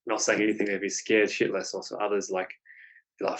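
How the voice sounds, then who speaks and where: A man hosting a casual podcast chat, soft-spoken, agreeable and reflective. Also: lowish voice, level tone, a little fast, low-quality recording. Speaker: podcast host.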